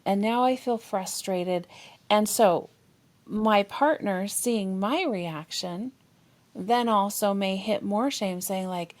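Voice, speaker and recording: Expressive woman therapist. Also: mid-range voice, slow pace. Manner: expressive, acts out inner dialogue with feeling. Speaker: therapist co-host. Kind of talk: podcast discussion on relationships.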